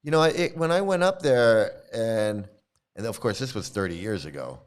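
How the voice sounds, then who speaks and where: A man's voice: lowish voice, expressive, normal speed, clean tone. A middle-aged man casually telling a rambling story as a video host, chuckling and restarting often. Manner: rambling, chuckling, restarts, mimics people he quotes. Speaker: commentary video host, former devotee.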